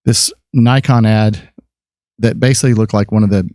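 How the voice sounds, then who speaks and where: A man's voice: fairly low pitch, steady tone, normal speed, mellow, no echo, clean studio sound. A man in his fifties, a podcast guest and photographer, telling rambling stories about his life in a casual chat, with many fillers and restarts.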